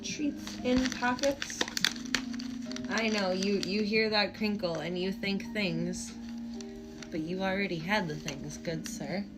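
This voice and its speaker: A woman live streaming from home on a phone held in her hand, cooing affectionately to her pets in casual baby talk, with loud music playing behind her. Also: medium pitch, slow, poor audio. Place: home, indoors.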